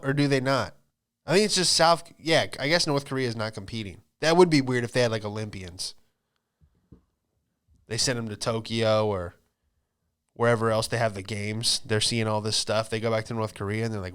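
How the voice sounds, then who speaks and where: A man hosting a podcast, doing a loose, profane comedic monologue and slipping into quick put-on voices. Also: medium pitch, a bit bright, clean tone. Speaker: podcast host, stand-up comedian.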